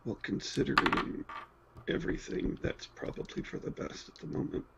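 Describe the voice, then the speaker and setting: A man voicing his tabletop character, a stubborn, honor-bound adventurer held in a cell, speaking calmly and matter-of-factly. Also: normal speed, natural voice. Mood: steady. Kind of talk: in-character tabletop role-play. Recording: dull lo-fi mic with faint hiss.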